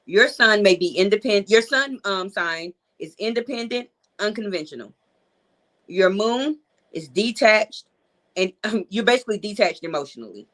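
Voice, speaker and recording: A woman's voice: medium pitch, expressive, moderate pace, a bit bright, low-quality recording. A woman, hosting a live call-in show in a loose, chatty way and talking straight to her viewers. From Georgia, USA. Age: 40s. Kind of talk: casual live-stream chat.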